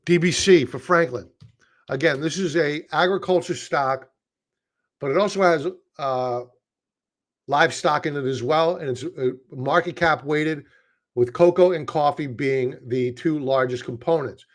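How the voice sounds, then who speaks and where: Fairly high-pitched and a little slow, a Brooklyn-accented man gives relaxed stock market commentary. He's talkative, jokes about himself, and tends to restart sentences wordily.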